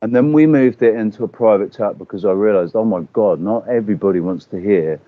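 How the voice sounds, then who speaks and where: A man in casual chat, telling stories with animated swearing and acting out quotes. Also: lowish voice, fairly quick, no room sound. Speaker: podcast guest. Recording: dull lo-fi audio.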